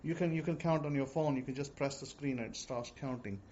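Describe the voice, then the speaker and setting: A man giving informal religious teaching, repeating himself and speaking slowly and deliberately. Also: medium pitch, darkish tone. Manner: repetitive, slow and deliberate when dictating words. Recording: dull lo-fi audio with faint noise.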